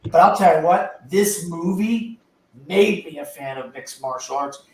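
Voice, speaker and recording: A man's voice: a little high, expressive, unhurried, darkish tone, a little hiss or hum. Older man rambling from far off in an echoey room. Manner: rambling, enthusiastic storytelling. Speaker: podcast panelist. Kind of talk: casual movie discussion. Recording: echoey, distant from the mic.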